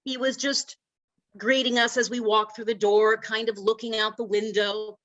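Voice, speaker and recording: A middle-aged woman giving a humorous storytelling speech in an animated, self-deprecating way. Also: a little high, moderate pace, dull audio. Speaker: Toastmasters speaker.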